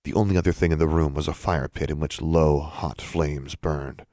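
A man narrating a fantasy audiobook podcast in a measured, even storytelling manner. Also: extremely low pitch, no room sound, studio quality.

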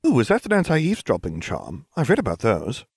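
A man voicing a bright, bossy teenage girl witch who talks in a prim, self-satisfied way. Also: medium pitch, wildly swooping pitch, brisk, vocal fry, husky, no room sound, studio quality, pitched above the performer's own voice, full character voice. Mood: eager.

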